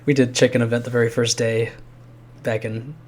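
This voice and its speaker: A man's voice: mid-range voice, level tone, brisk, darkish tone. Chatty man rambling through a game. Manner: rambling, chuckling, trailing off into fillers. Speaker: game host recording a quest playthrough. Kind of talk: casual gaming chat.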